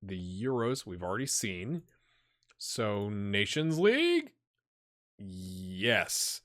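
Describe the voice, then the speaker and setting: A man hosting a gaming channel, thinking aloud in casual commentary and talking straight to his virtual players. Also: extremely slow. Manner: animated, jumps high when excited.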